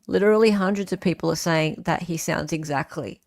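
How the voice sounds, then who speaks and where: A woman's voice: lowish voice, brisk, a little mellow. A woman hosting a casual livestream, reading viewer comments aloud and answering them in a chatty way with frequent fillers. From Australia. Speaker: livestream host.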